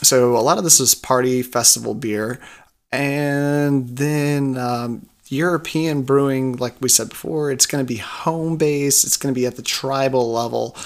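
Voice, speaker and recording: A man co-hosting a podcast, explaining beer history in a relaxed, joking way. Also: medium pitch, a little slow, gravelly. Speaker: podcast co-host. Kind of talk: casual chat about beer history.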